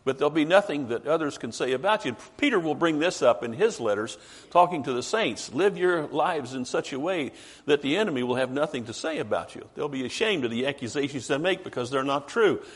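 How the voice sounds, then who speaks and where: A man preaching a sermon emphatically, asking rhetorical questions and slowing down for stress. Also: a little high, expressive, breathy edge.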